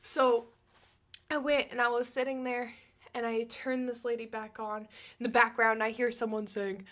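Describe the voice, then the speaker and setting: Bright, high-voiced young woman telling a story. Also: level tone, normal speed. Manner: chatty, peppered with "like", laughs often. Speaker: storytime vlogger. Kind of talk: casual storytime.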